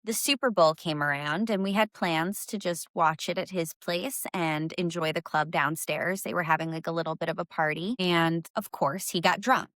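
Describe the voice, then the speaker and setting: A woman's voice: lowish voice, fairly even intonation, moderate pace, few pauses, fairly bright tone, no room sound, studio quality. A young adult woman hosting a podcast, telling a personal story in a candid, conversational way with casual fillers. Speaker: podcast host.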